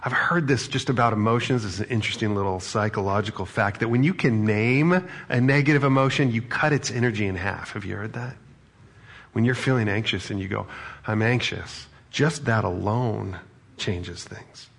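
A man's voice: on the low side, moderate pace, gravelly, fairly bright tone, slightly rough. A man preaching a sermon as a pastor, talking in a conversational way and asking the audience questions.

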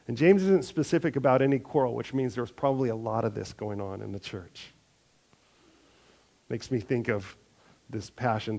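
Reading scripture in a conversational sermon, this male pastor performs little prayers and replies with lively asides. His voice is creaky and on the low side.

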